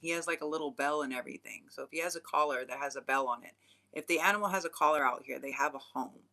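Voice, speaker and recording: A young adult rambles through a casual story with a bright, sharp voice. Laughter keeps breaking into the talk, which is full of slang, fillers and freely dropped swear words. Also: mid-range voice, fast talker, vocal fry. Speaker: spiritual channeler and vlogger.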